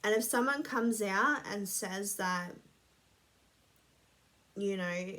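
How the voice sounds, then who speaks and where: A woman's voice: a little high, a little slow, sharp tone. A woman rambling casually to camera, blunt and sweary, a bit sniffly. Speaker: vlogger.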